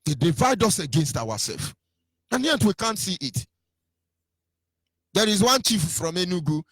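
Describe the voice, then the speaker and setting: A man's voice: high-pitched, big pitch swings, unhurried, a bit bright, husky, no echo. A Nigerian man with a Nigerian accent giving an impassioned political radio talk, mocking and sing-song, his voice swinging between rises and drops. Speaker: radio commentator.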